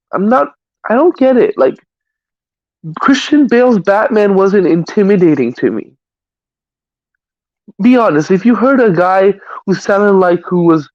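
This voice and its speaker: A man's voice: high voice, a little mellow, highs cut off. A man hosting a live stream, chatting casually about movies in a rambling way, often stammering and restarting.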